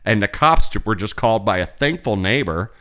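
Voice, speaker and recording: A man spins a long, profane story on a casual podcast. His pitch leaps up and down as he tells it. His voice has a bright, sharp edge. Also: animated, fairly quick. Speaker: podcast co-host.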